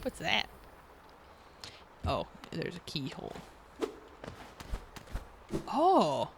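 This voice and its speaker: A young adult woman streamer talking through a video game, expressive, laughing and yelling at the game. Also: on the low side, drawn-out words, gravelly, noisy background. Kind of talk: gaming commentary. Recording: game music behind the voice.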